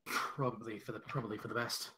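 A man in a tabletop game session describes his character's moves step by step. His talk is careful and deliberate, full of hesitations. A faint hiss of noise sits under his mic. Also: fairly low pitch, steady tone. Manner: lots of fillers, careful and deliberate. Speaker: player.

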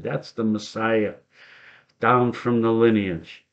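A middle-aged man leads a Bible study as pastor, unhurried and reflective, breaking into soft laughs as he tells stories. His voice sits somewhat low, and the recording is dull and lo-fi. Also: steady tone. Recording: dull lo-fi sound.

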